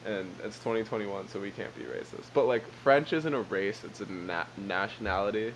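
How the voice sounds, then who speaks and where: A young man co-hosts a casual podcast in a low voice, jokey and rambling, often laughing at his own bits. A faint hiss runs behind him. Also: moderate pace, rough recording. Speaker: podcast co-host. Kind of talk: casual chat.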